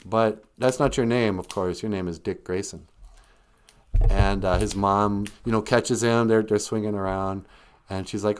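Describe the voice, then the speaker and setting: A man's voice: lowish voice, fairly even intonation, measured pace, clear, resonant tone. A man retelling a story in a casual, comic way, rambling with jokey asides and self-corrections. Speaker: host, storyteller.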